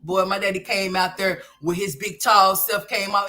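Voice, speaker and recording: Animated, lively storytelling woman. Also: normal speed. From Oklahoma, USA. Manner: animated, profane, swings from low mutters to loud exclamations. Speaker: livestream host. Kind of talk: casual storytelling on a livestream.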